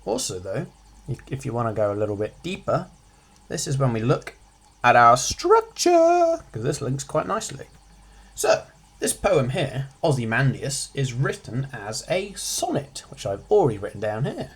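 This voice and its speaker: A man giving a casual revision lesson on a poem, explaining it in a jokey way with quick sarcastic asides. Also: mid-range voice, sing-song, slightly rough. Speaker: revision tutor.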